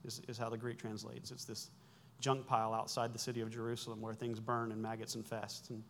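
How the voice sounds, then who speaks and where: A man's voice: mid-range voice, completely flat delivery, a little fast, a bit bright, a little hiss or hum. A man in his forties preaching a sermon, explaining Greek words in a conversational way, with self-corrections and wry asides. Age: 40s. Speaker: pastor.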